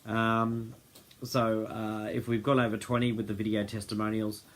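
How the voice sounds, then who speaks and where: A man on the low side of the pitch range hosts a group livestream, delivering flatly at an ordinary speed. His casual, unscripted talk wanders, and he often loses track of his thoughts.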